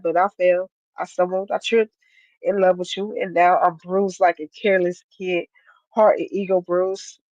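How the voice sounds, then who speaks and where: A poet from Ohio, heard over a video call in a relaxed, plain-spoken voice. Recitations roll in a steady spoken-word rhythm. The sound is dull, dry and lo-fi, and the pitch sits at a middle level. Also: dry recording. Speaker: guest poet. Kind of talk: casual interview answers and spoken-word poetry. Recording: dull lo-fi dry stream audio.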